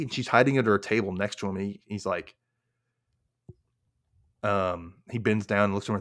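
Male podcast host, low register, loose chatty recap voice with dramatized quotes. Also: fairly even intonation, a little fast, long pauses. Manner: chatty, many fillers, acts out quotes. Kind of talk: casual TV recap chat.

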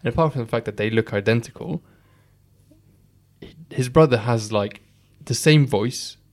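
A man's voice: mid-range voice, moderate pace, a little mellow. A man hosting a podcast, chatting playfully with lots of fillers. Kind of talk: casual chat.

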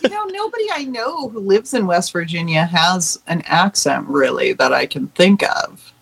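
Husky woman telling stories. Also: lowish voice, moderate pace. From New York. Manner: animated storyteller. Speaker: guest. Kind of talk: casual chat.

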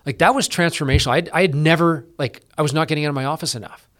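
A middle-aged man from Canada, a police officer guest, talking in a casual interview with lots of fillers and restarts. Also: on the high side. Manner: energetic, quick, with many fillers and restarts.

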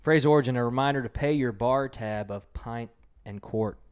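A man's voice: mid-range voice, normal speed, clear, resonant tone, dull audio. A man hosting an informal home quiz game, reading jokes aloud and chuckling at them, with a loose style full of fillers. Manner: chuckles at his own jokes. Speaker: quiz host.

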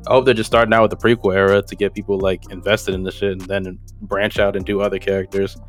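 Low-voiced man rambling in casual slang. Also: level tone, fast talker, soft background music. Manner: rambling, slangy, self-correcting. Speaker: podcast co-host. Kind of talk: casual chat.

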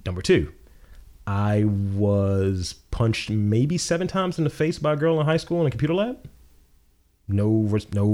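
A man's voice: on the low side, dark tone. A young adult man co-hosting a podcast, telling stories in blunt, profane casual chat. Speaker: podcast co-host.

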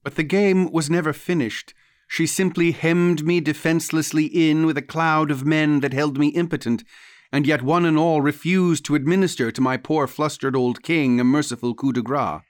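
A man narrating a literary ghost story in the first person, measured and deliberate. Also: on the high side, fairly even intonation, no room sound, studio quality. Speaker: audiobook narrator.

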